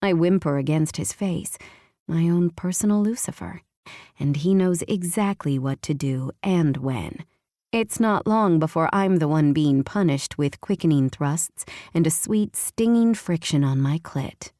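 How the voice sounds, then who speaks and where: A woman narrating a first-person romance audiobook with a hushed, intimate delivery. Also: low-pitched, expressive, a little slow, no room sound, studio quality.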